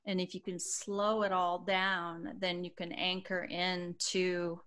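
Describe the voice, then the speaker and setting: A woman in her fifties speaking on a video call as an astrology panelist, soft-spoken and reflective, with many pauses and fillers. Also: lowish voice, little pitch movement. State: emotional, choking up.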